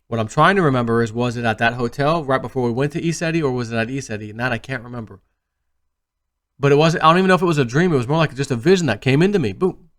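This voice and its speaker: A man hosting his own video channel, telling a personal story in a rambling, animated way that often trails off quietly. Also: mid-range voice. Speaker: video host. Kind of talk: casual storytelling monologue.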